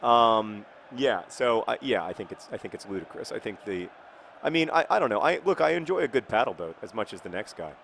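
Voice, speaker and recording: A man's voice: fairly low pitch, animated, brisk, creaky, fairly bright tone, a little hiss or hum. A man giving casual, rambling commentary while playing a football video game, with wry, mock-outraged asides. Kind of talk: casual let's-play commentary.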